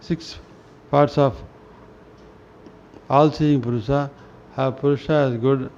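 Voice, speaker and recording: A man reading spiritual scripture aloud in a slow, halting way, often restarting words and clearing his throat. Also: mid-range voice, steady tone, darkish tone. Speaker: reader of a spiritual newsletter. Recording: dull lo-fi recording with faint noise.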